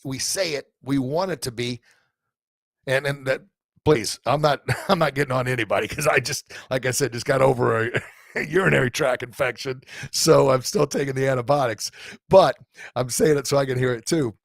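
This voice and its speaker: A middle-aged man of ordinary pitch hosts a live podcast stream in front of a camera mic. He rambles heartfelt, full of fillers and restarts. The sound is dry and close. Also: moderate pace, vocal fry, no echo. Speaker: podcast host and coach. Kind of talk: live-streamed casual talk to listeners. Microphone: camera mic in front of him.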